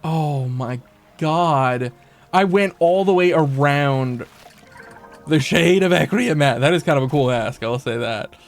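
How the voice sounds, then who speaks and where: In a slightly high, unhurried voice, a man gives casual commentary while streaming gameplay. He curses frequently and addresses the game's characters directly as faint music plays behind him.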